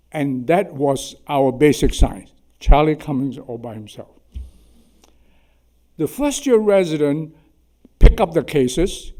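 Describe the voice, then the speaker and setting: A man's voice: a little high, warm tone. A man in his eighties with a Chinese accent, telling humorous anecdotes at a symposium, chatty and self-deprecating, often tagging "okay?". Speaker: surgeon giving a symposium talk. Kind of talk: anecdotal lecture. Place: lecture hall.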